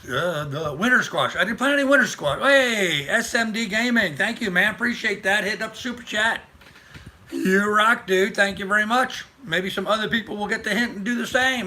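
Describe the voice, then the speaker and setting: A man's voice: high-pitched, expressive, a little fast, bright, forceful tone. An older man hosting a casual live stream, rambling and chatty as he greets viewers by name. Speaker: livestream host.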